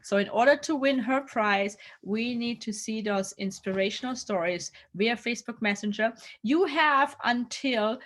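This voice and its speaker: A woman hosts a live online event in a casual, chatty way. Her voice sits a little high, and she talks upbeat and loose, with fillers like "um" and "so.". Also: unhurried, hardly any pauses, fairly bright tone. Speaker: host. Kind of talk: casual livestream chat.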